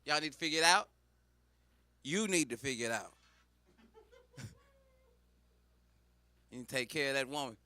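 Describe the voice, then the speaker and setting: A man's voice: medium pitch, expressive, normal speed, pauses often, bright, forceful tone, dry recording. A man doing a profane stand-up riff as a comedian, with preachy mock-sermon call-outs.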